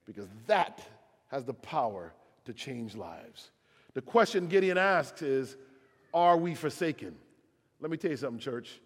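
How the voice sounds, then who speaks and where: A pastor preaching a sermon, telling a story with dramatic swings from loud to hushed. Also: male voice, medium pitch, sing-song, a little slow, slightly rough. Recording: long hall reverb.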